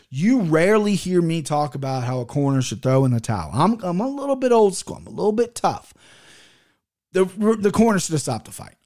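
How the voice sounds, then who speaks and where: A man's voice: fairly high pitch, a little mellow. Blunt, profane man ranting about fights. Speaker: podcast host reviewing fights. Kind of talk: casual solo commentary. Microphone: headphones and desk mic.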